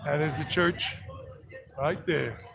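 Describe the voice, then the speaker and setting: A man's voice: a little high, takes it slowly, creaky. Chatty man guiding a walking tour. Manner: chatty, playful, talks to animals. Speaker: travel vlogger and tour guide. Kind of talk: casual walking tour vlog. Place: outdoor town square. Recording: outdoor street noise.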